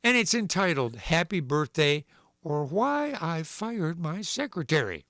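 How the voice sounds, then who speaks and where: A man's voice: fairly high pitch, measured pace, no room sound. A man hosting a livestream, reading a comic newspaper story aloud and acting out its voices and sound effects. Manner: animated storyteller, voicing characters and sound effects. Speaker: livestream host.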